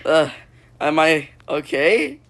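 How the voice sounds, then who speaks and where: A man improvising a goofy VR puppet comedy, excitable and silly, breaking into sudden squeals. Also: on the high side, takes it slowly, very noisy. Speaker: puppet show creator.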